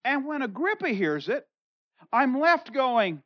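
A pastor works through a scripture passage verse by verse and puts each line into everyday words. The delivery is animated, and when the pastor acts out a quoted speaker, the voice jumps in pitch and loudness. The sound is dull and lo-fi, with a dry, close feel. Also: moderate pace, no room sound. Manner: conversational, paraphrases in everyday words. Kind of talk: expository sermon, reading and explaining scripture.

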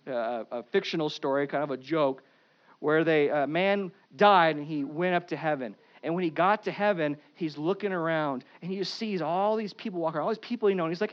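A pastor preaching an Easter sermon, with animated swings between loud emphasis and quiet asides. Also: male voice, high voice, dull audio.

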